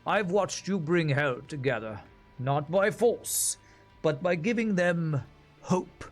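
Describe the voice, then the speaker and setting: A man voicing a steady male companion from a video game who speaks slowly and reassures a friend. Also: fairly high pitch, soft background music. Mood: reassuring. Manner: slow, calm, reassuring.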